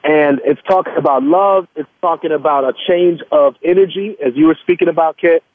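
A man's voice: on the high side, fairly quick, no room sound. A man who is a musician, a guest in an interview, speaking earnestly and spelling out names and web addresses. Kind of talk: casual interview talk. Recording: tinny dry phone line.

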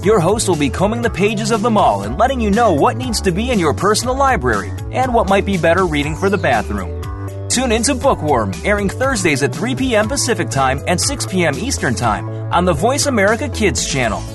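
A man reads a show promo in a playful, polished delivery. His voice is high and very animated, and music plays clearly under him. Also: brisk. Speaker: announcer. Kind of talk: scripted promo read.

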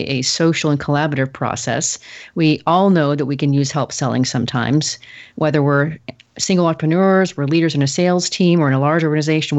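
A woman podcast host introducing her guest and leading the interview in a measured, friendly way. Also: sits low, a little mellow, highs cut off.

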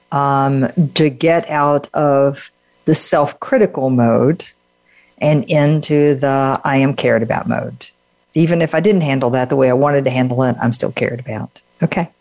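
A podcast host who affirms and reflects on what the guest says. The voice sits at a middling pitch. It is recorded dry and close, with no room around it. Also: fairly even intonation, a little slow, darkish tone, dry recording. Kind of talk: podcast interview.

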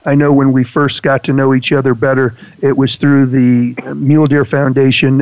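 A man's voice: mid-range voice, dry recording. A man co-hosting a hunting show who asks friendly, leading questions in a casual interview. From Canada. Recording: dull lo-fi dry sound.

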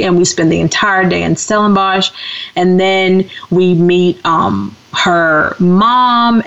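A woman from the United States tells a travel story on her talk show, casual and animated, slipping into the voices of the people she quotes. Her voice sits fairly low for a woman. The audio is dull and lo-fi. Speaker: co-host.

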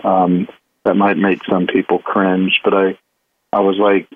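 A low-voiced man tells a candid personal story, stopping and restarting as he searches for words. He comes through a thin, tinny phone line. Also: completely flat delivery. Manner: halting, many restarts and fillers. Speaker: guest telling his recovery story.

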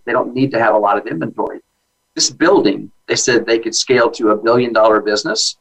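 Low-voiced man, enthusiastic guest. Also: rough recording. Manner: enthusiastic, with many fillers and restarts. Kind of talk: casual interview chat.

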